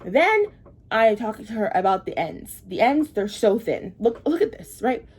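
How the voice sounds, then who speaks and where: A woman's voice: mid-range voice, big pitch swings, a little slow, darkish tone, slight background noise. A woman telling a story to camera while getting ready, chatty and rambling, repeating herself for emphasis as she vents her frustration. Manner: frustrated, venting. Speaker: vlogger.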